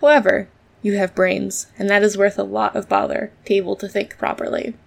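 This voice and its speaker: A woman's voice: mid-range voice, level tone, a little fast, creaky. A woman voicing a thoughtful, hearty male scarecrow who speaks in a musing, friendly way in a storybook reading.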